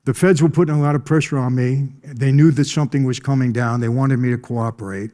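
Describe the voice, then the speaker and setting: A man's voice: mid-range voice, steady tone, brisk, warm tone. Blunt storytelling man. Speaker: conference speaker. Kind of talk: storytelling testimony.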